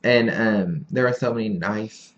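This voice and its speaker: A man's voice: lowish voice, measured pace. A man reviewing a movie in a casual, rambling chat, giggly and poking fun at himself. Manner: rambling, giggly, self-deprecating. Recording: dull lo-fi recording.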